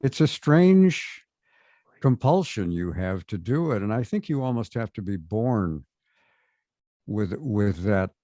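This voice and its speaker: A man's voice: lowish voice, big pitch swings, mellow, no room sound. Older American man, dry, thoughtful storyteller. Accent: standard American. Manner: thoughtful, anecdotal, measured. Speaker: guest voice actor. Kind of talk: interview conversation.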